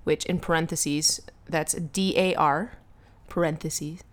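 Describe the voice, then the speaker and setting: A woman's voice: sits low, steady tone. A woman co-hosting a fan podcast, chatting casually, giggly and gushing. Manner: giggly, gushing, talks fast. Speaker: podcast co-host.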